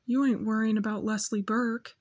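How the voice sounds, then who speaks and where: A woman voicing a plainspoken rural father who speaks quietly and soothingly. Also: a little high, flat delivery, moderate pace, close to an everyday voice. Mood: gentle. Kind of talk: audiobook character voice.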